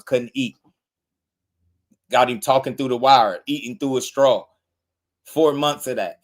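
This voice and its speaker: A man hosting a live boxing talk stream, ranting in a rambling, heated way with many repeated words. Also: mid-range voice. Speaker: boxing talk show host. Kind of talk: casual livestream commentary.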